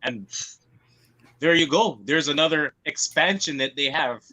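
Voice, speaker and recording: A man's voice: fairly high pitch, unhurried, pushed and bright, no room sound, rough recording. A man co-hosting a wrestling podcast in casual chat, enthusiastic, often repeating himself. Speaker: podcast co-host.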